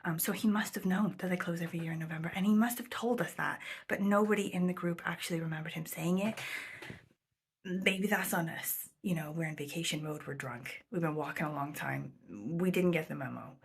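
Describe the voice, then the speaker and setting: A woman's voice: fairly low pitch, fairly quick, creaky, husky. A woman vlogger telling a travel story in casual, rambling chat, full of "like" and "um," sometimes dropping to a near whisper. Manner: rambling, chatty, full of 'like' and 'um', slips into quoted voices; drops to a near whisper at times.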